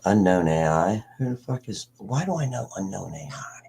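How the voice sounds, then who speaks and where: Male stream host, low husky voice, lively swings in pitch, profane rambling chat. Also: normal speed, slight background noise. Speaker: livestream host. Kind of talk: casual livestream chat.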